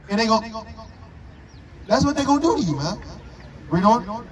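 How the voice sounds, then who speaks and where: A man's voice: extremely high pitch, moderate pace, pauses often, darkish tone, rough recording. A man preaching on a street corner, firing rhetorical questions with emphatic force. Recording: crowd noise around.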